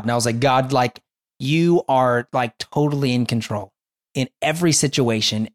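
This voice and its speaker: A young man telling a personal faith story in casual chat, animated and rambling with many restarts. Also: medium pitch.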